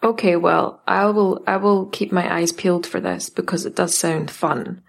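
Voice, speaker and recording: A woman's voice: on the low side, moderate pace, vocal fry. A woman with a Scottish accent co-hosting a podcast in casual chat, teasing and skeptical. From Scotland. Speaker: podcast co-host.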